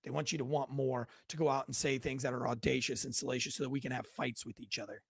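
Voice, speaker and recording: A man's voice: mid-range voice, steady tone, quick pace, gravelly, breathy edge, dry recording, clean studio sound. A man hosting a casual news commentary show from home, rambling with sarcastic asides and frequent self-corrections.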